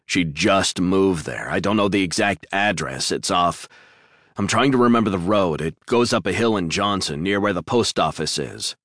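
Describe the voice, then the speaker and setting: A man's voice: low voice, expressive, moderate pace, a bit bright, no echo, studio quality, pitched above the performer's own voice. A man doing a frantic retired detective. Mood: urgent. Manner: urgent, clipped. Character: frantic retired male detective, worried father.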